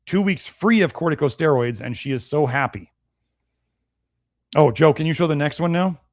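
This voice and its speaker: A man hosting a nutrition live stream, answering viewer comments in a blunt, conversational and animated way. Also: on the high side, normal speed, no echo, clean studio sound. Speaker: nutrition show host.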